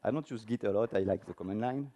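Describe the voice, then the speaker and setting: A man's voice: fairly low pitch, fast talker, warm tone, muffled recording. A man giving a technical conference talk with a live demo, speaking informally and asking the audience questions. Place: conference room before an audience.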